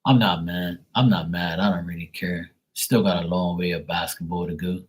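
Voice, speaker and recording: A man with a husky, slightly low voice rambles through a casual story on his live stream. His talk is blunt and full of swearing. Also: fairly even intonation, moderate pace. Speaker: live tarot reading host.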